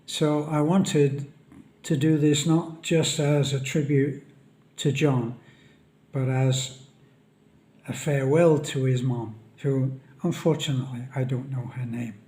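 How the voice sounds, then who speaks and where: A man speaking a solemn, halting vlog monologue on a death in a friend's family. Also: medium pitch, fairly even intonation, dark tone. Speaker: vlogger. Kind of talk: reflective monologue.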